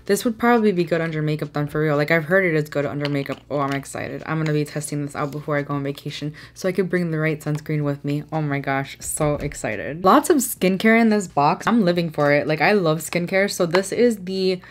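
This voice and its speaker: A young American woman vlogging a product unboxing, excitable and gushing, reading the product blurbs aloud. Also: low-pitched, a little fast, few pauses, slight background noise. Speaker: beauty vlogger.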